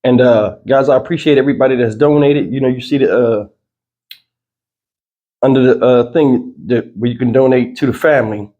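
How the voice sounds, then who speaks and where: A man hosts his own commentary channel in a rambling, filler-heavy way. His voice is dark and mellow and still has its morning roughness, pitched about middle for a man. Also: steady tone, normal speed, dull audio. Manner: loose, rambling delivery with frequent fillers. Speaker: channel host. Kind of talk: casual news commentary vlog.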